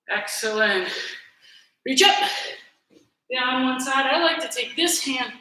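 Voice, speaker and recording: A woman leading a virtual beginner gymnastics class, encouraging kids through warm-up drills, out of breath as she goes. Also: high-pitched. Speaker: gymnastics coach. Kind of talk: virtual fitness class instruction. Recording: very echoey room, faint noise.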